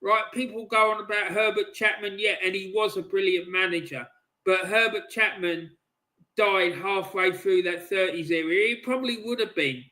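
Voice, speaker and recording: A man hosting a football channel, ranting angrily and swearing heavily, with loud shouting bursts, off camera at home. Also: sits high, moderate pace. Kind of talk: angry ranting monologue.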